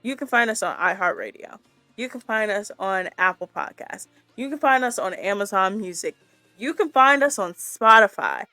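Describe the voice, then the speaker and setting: A woman's voice: mid-range voice, animated, normal speed, pushed and bright, no echo, faint music behind. A woman co-hosting a sports and pop culture podcast, wrapping up the episode in an effusive, bubbly way. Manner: bubbly, effusive, pleading with listeners. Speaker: podcast co-host. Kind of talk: casual chat, sign-off.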